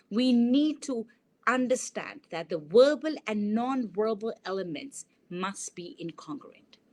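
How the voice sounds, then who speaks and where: A woman's voice: mid-range voice, a little mellow. A woman lecturing on communication at a university, explaining a model step by step and illustrating it with examples. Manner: explanatory, gives examples with repeated sample sentences.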